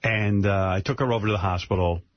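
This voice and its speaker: A man's voice: lowish voice, quick pace, muffled recording. A man hosting a radio show, telling a rambling, emotional story in casual talk, repeating himself. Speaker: radio host. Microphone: studio microphone, dry.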